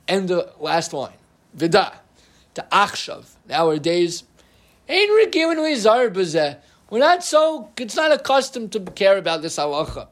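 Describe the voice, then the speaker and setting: Brief: middle-aged male rabbi, light high voice, lively and self-interrupting, joking aside in a casual Torah class.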